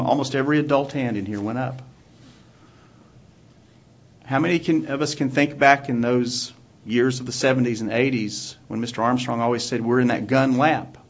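A man preaching a sermon to his congregation in a church, asking measured rhetorical questions. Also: medium pitch. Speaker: pastor. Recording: dull lo-fi recording.

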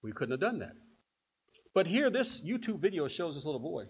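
An older man preaching a sermon in an animated way, acting out stories in other voices. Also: a little high, a little fast, slightly rough. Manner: animated, acts out quotes in put-on voices. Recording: dull lo-fi recording.

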